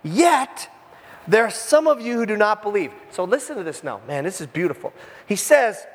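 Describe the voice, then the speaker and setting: A man preaching a sermon in a conversational, animated way, full of jokey asides. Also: sits high, moderate pace, long reverb tail. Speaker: pastor. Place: church room with a congregation.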